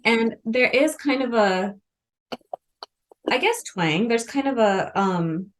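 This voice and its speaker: A woman's voice: a little high, animated, slow pace. Chatty woman from the Ozarks. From Missouri Ozarks. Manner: chatty, rambling, with fillers and laughs. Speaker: podcast co-host. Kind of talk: casual book chat.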